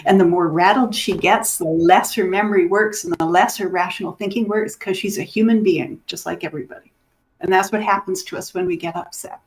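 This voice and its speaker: Woman explaining dementia care with stories, acts out everyone, mid pitch. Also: fairly quick. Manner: animated, acts out the people in her stories. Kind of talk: teaching through stories.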